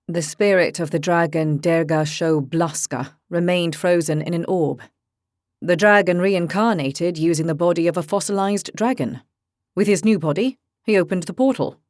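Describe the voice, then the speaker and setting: A woman narrating a fantasy audiobook in a calm, even storytelling manner. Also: lowish voice, no echo, clean studio sound.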